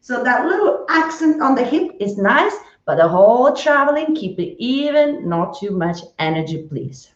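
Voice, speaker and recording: A woman's voice: a little high, sing-song, normal speed, hardly any pauses. A woman teaching a live online dance class, counting steps in a rhythmic, chatty way while dancing and sweating. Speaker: dance instructor. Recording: roomy, distant, dull live stream.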